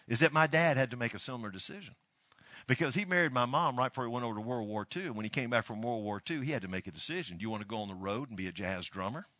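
Forceful, bright-voiced older man preaching. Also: on the low side, no room sound, studio quality. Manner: folksy, animated storyteller. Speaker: pastor. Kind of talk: storytelling sermon.

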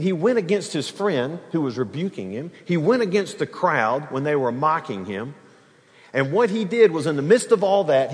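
A male pastor delivers a sermon with a slightly high voice that rings through a long-reverb hall. He preaches with energy, plays out the quoted speech, and banters warmly with his congregation. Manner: animated preaching, acts out quoted speech, laughs with the crowd.

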